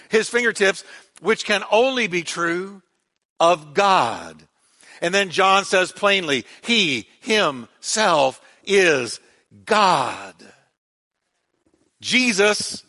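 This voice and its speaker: High, bright-voiced preaching man. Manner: emphatic preaching, repeating key words for weight. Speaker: pastor. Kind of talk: sermon.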